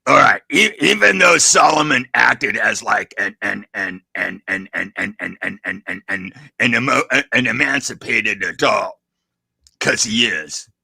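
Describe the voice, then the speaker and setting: Man, gravelly, raspy, stammering, grumbly rant, dry close sound. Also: on the low side, a little slow, sharp tone, no room sound. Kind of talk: comedic group reading.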